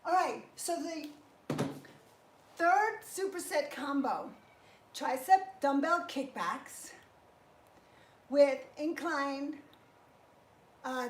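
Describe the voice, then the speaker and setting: Woman, fitness trainer, high voice, chatty encouraging workout coaching, echoey indoor room. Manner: chatty, encouraging, talks while exercising. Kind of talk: live workout instruction. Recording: echoey room with faint noise.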